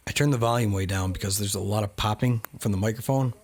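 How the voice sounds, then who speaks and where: A man with a low, slightly husky voice talks through a travel vlog in a casual, offhand way. His commentary is wry and candid, with dry asides between the facts he gives. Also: fast talker, darkish tone. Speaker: travel vlogger.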